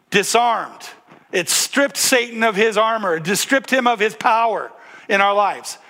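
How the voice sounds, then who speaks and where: A man's voice: sits high, bright, forceful tone. A man preaching a sermon, reading scripture aloud and asking the congregation to answer back. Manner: engaging, asks the congregation to respond; reads scripture aloud with emphasis. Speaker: pastor.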